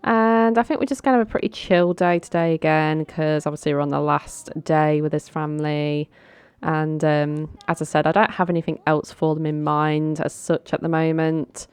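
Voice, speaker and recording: A woman's voice: deep voice, steady tone, normal speed, darkish tone, clear, resonant tone, dry recording. A young woman casually commenting on a life-simulation game, chatty and coaxing her characters along. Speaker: gaming channel host.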